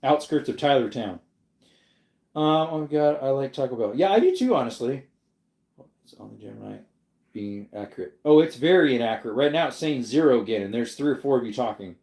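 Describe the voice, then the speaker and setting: Mellow-voiced man chatting on a livestream. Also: mid-range voice, expressive, brisk. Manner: rambling, reads chat aloud and answers viewers. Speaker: livestream host. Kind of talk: casual live stream chat. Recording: echoey room.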